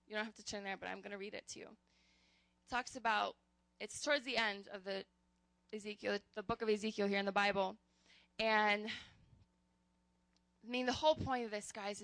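A young woman giving a casual, earnest sermon, calling her listeners "guys" and speaking with animated conviction. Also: mid-range voice, creaky, dry recording. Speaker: youth preacher.

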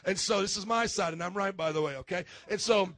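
High-voiced, gravelly preacher man. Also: fast, no echo. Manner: animated storytelling, acts out neighbors, swings from loud to quiet. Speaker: pastor. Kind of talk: sermon. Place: church.

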